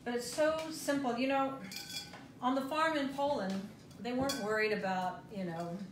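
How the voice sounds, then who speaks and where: A fairly high-voiced woman talks through a cooking demonstration in a chatty, rambling way. She is recorded in an echoey home kitchen with dishes and cutlery clinking around her. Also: normal speed, noisy background. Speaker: host.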